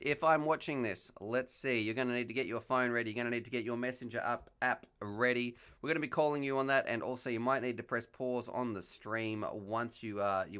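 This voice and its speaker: A man's voice: fairly low pitch, a bit bright. Chatty man hosting a live stream. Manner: chatty, joking, reads chat messages aloud. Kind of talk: casual live stream chat, reading viewer questions aloud. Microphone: headset mic.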